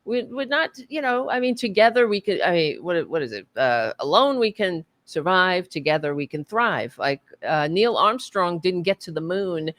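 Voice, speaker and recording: This American woman, a book club panelist on a podcast, talks with fiery, profane energy and plenty of restarts. Her voice sits on the low side with lively intonation and a fairly bright tone, moving at normal speed with few pauses.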